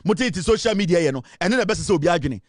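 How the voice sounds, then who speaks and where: A man's voice: sits high, expressive, rapid-fire, dry recording, studio quality. A Ghanaian man hosting a political talk show, delivering a boastful, taunting monologue that mixes English and Twi.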